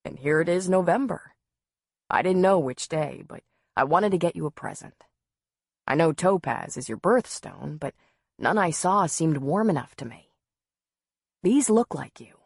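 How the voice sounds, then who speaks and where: A woman voicing a tender, composed grown man who speaks gently and softly in a husky, slow voice. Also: deep voice, animated, no echo, clean studio sound, full character voice.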